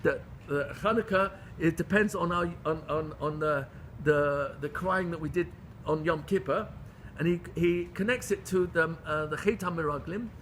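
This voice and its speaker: A man teaching a Torah class to a group. He questions his listeners and swings between loud pleading and hushed intimacy. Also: fairly high pitch, normal speed, a little hiss or hum. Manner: questions the audience. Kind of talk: Torah lecture to a live group.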